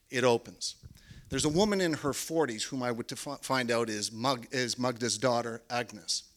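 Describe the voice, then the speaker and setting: Bright-voiced man telling a story. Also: mid-range voice. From Canada. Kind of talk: first-person stage storytelling.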